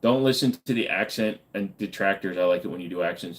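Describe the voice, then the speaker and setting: A man's voice: low-pitched, fairly quick. A man hosting a casual livestream, reading viewers' chat aloud and answering with loose, joking, profane banter. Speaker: livestream host.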